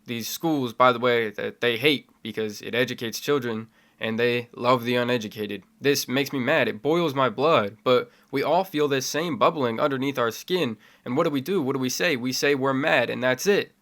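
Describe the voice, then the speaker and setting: A young man with a middle-pitched voice speaks straight to his camera in a self-made video essay. His delivery starts measured and builds into fiery, impassioned conviction. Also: fairly bright tone. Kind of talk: spoken opinion essay to camera.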